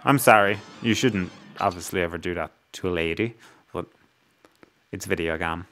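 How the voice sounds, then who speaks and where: A man with a fairly low voice talks through a video game as he plays it. He rambles, cracks jokes at his own expense and chats to himself between the action. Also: normal speed, fairly bright tone, a little hiss or hum. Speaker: let's play host. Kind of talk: gameplay commentary.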